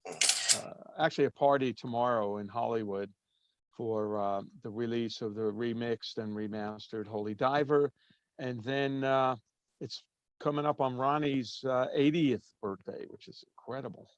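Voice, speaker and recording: A man's voice: medium pitch, no room sound, highs cut off. A man talking casually as a guest in an interview, easygoing and rambling with many fillers. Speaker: drummer guest.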